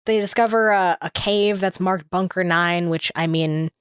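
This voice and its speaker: A woman's voice: fairly low pitch, moderate pace, clean tone, no echo. Chatty young woman with a dry voice. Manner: chatty, giggly, lots of fillers. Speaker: podcast co-host. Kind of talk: casual book discussion.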